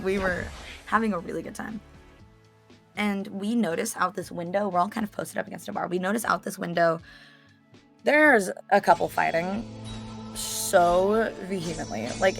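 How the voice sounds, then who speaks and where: A woman casually telling a story, chatty, with lots of fillers. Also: mid-range voice. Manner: chatty, animated retelling with many fillers.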